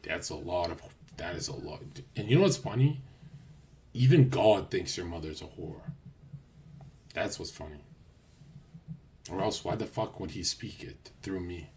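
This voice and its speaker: A brash young man livestreaming in a casual, crude rant that swings from loud outbursts to low mutters. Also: lively intonation, a little slow, long pauses, a little hiss or hum.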